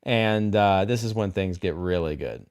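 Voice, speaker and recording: Rambling low-voiced man recapping a show. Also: measured pace, a little mellow. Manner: rambling, many fillers and restarts, enthusiastic. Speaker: show host. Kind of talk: casual spoiler talk about a TV episode.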